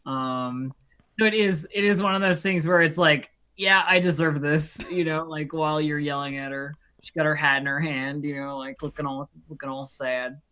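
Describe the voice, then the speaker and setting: A woman's voice: deep voice, fairly even intonation, normal speed, fairly bright tone. A woman player describing her character in a rambling, casual way. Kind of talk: describing a character in a tabletop game.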